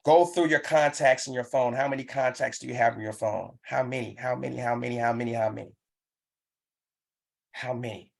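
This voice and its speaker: A man's voice: medium pitch, steady tone, normal speed, creaky. Man coaching with emphatic repetition. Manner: pumped-up, urging. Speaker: business trainer. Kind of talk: live online business training.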